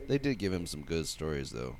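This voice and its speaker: A man's voice: a bass voice, very animated, fairly quick, darkish tone. A man co-hosting a podcast, talking in a laid-back, chatty way. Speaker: podcast co-host. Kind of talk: casual chat.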